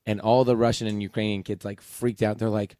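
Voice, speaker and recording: A man in his thirties chatting casually as a podcast co-host, telling lively stories and jumping up in pitch when he quotes people. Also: brisk, no room sound, studio quality. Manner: animated storyteller, jumps high when quoting others. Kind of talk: casual chat.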